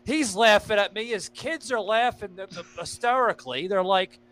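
A man hosting a podcast with a bright, forceful voice that sits a little high. He tells stories in a loose, rambling way, peppered with fillers and swearing. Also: normal speed, slight background noise. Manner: rambling, profane storytelling with many fillers. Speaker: podcast host. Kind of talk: casual podcast chat.

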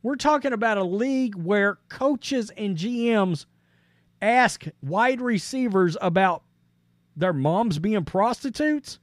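On his sports podcast, a man with a high voice reads quotes out and then cuts in with his take, speaking in a blunt, casual, expressive way at a slow pace. The audio is close and dry, without room sound.

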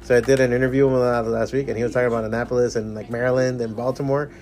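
A man in relaxed conversation, swearing a lot and breaking into impressions of others. His voice sits in a middle pitch. Faint shop ambience and a little noise run underneath. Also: racing. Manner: profane, laughs often, mimics people in anecdotes. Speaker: podcast host. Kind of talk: casual chat. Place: comic shop.

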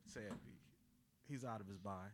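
A man hosting a studio talk show, telling a story with great energy and acting out the quotes with sudden loud outbursts. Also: fairly low pitch, unhurried. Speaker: radio show host. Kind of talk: animated casual studio banter.

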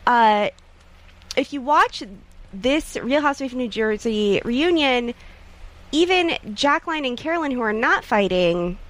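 A woman's voice: on the high side, animated, a little slow. A woman co-hosting a casual podcast chat, making dry, sarcastic remarks. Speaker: podcast co-host.

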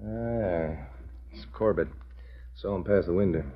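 An actor playing a sly, crooked Indian agent with a raspy, drawn-out delivery, in 1940s radio acting. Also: male voice, sits low. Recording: dull lo-fi old radio recording.

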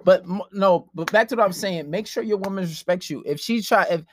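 A man's voice: high-pitched, a little fast, a little hiss or hum. A man telling a profane story in a casual podcast chat, acting out the quotes. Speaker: podcast host.

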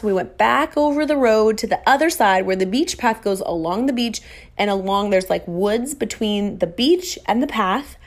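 A woman's voice: medium pitch, normal speed. A young woman tells a personal story straight to her audience in a casual, chatty way. She mocks herself and acts out quoted lines with a lot of life. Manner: animated, self-mocking, acts out quoted dialogue.

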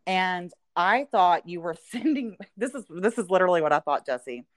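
Low-voiced woman chatting reflectively. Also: expressive, moderate pace, no echo. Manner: reflective, speaks in southern "y'all", many "you know" fillers. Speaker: podcast co-host. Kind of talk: casual chat.

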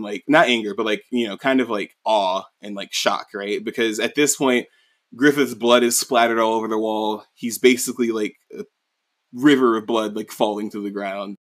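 A man's voice: on the low side, normal speed, a bit bright. A man co-hosting a podcast, casually recapping a story in a rambling way, full of "you know" and "like". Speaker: podcast co-host.

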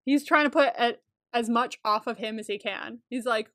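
A woman's voice: a little high, moderate pace, fairly bright tone. A woman co-hosting a casual TV recap podcast, laughing often, swearing and exclaiming her reactions. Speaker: podcast co-host.

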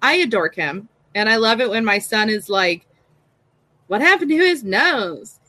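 A middle-aged woman chatting on a podcast over a video call, animated and mock-exasperated. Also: a little high, a little slow, a little hiss or hum, rough recording. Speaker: podcast guest. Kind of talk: casual podcast chat.

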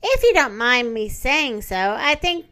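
A woman's voice: high voice, very animated, measured pace, sharp tone, heavily acted. A woman voicing a vain, haughty nightingale in a storybook read-aloud, in a condescending and prim way.

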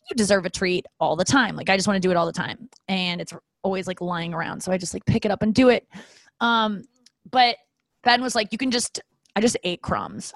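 A woman's voice: medium pitch, fairly bright tone, no echo. Woman doing a solo podcast ramble, swears a lot, wanders off then pulls it back, dry close mic. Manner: rambling, self-deprecating, swears casually. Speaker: podcast host. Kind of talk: casual solo podcast monologue. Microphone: podcast microphone.

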